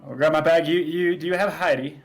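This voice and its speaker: A man's voice: a little high, fairly even intonation, brisk, soft background music, close to an everyday voice. A man voicing a curious young farm son who asks eager questions.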